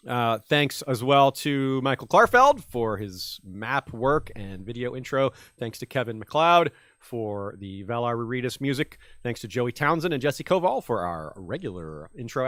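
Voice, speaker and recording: A man's voice: medium pitch, sing-song, moderate pace, a bit bright, no echo, clean studio sound. A man hosting a casual podcast chat, rambling with many fillers and chuckles. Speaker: podcast host.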